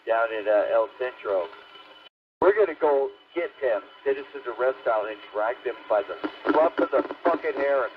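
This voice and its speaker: An older man, a ham radio operator, ranting angrily and profanely on the air with threats. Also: medium pitch. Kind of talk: heated on-air argument. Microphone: radio transceiver microphone. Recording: tinny ham radio transmission.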